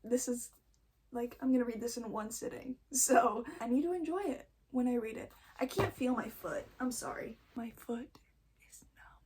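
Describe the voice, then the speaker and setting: A young woman with a somewhat high, slightly mellow voice shows off her book haul at normal speed, with a little background noise. A nervous first-time vlogger, she chats casually, rambles, interrupts herself, and keeps losing her train of thought.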